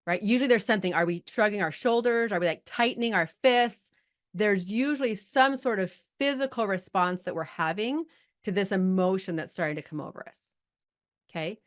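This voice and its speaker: A middle-aged woman coaching a group over a video call, chatty and lively, holding back tears at times. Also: mid-range voice, a little fast. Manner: chatty, lively, talks to the chat audience. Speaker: life coach hosting a live group call. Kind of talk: casual coaching talk.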